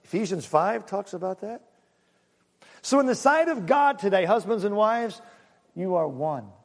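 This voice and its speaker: A man preaches in a high, bright voice that leaps up and down with emphasis. He jokes with his congregation and hammers his points with repetition. The sound rings with the long reverb of a church hall. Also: a little slow. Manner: lively, joking, emphatic preaching with audience asides. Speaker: pastor. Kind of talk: sermon. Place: church sanctuary.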